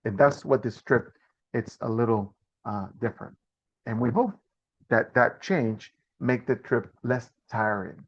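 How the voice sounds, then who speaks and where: A man's voice: mid-range voice, animated, normal speed, husky, muffled recording. A man hosting a live online Q&A about a trip, talking with many fillers and restarts. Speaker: host and trip organizer.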